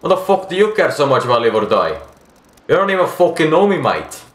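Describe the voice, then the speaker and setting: A man's voice: on the high side, sing-song, a little fast, roomy sound, pitched above the performer's own voice. A man voicing a grieving, foul-mouthed widower in a put-on Australian accent, swearing and calling everyone mate. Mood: bitter.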